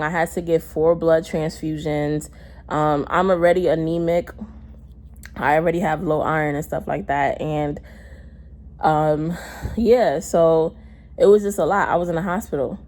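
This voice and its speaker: Low-voiced young New woman. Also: darkish tone. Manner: candid and heated, with frequent cursing. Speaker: vlogger. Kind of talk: casual storytelling.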